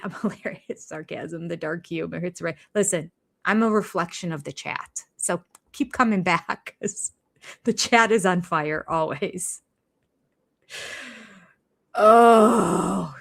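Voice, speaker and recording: A woman's voice: fairly low pitch, a bit bright. An older woman giving blunt, sarcastic live reaction commentary to a reality show, laughing often as she talks. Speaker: reaction vlogger.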